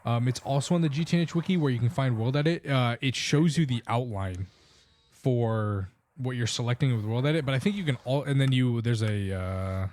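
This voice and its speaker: A man's voice: mid-range voice, fairly quick, a little mellow. A man with an Indian accent streaming a game, explaining plans in a rambling, casual way. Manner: rambling, restarts sentences while explaining plans. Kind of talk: casual live-stream chat.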